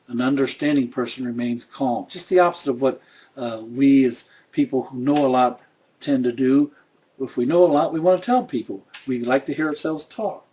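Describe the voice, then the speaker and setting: A man's voice: medium pitch, mellow, slightly rough. A middle-aged man teaching a Bible study in a folksy way, full of rhetorical questions.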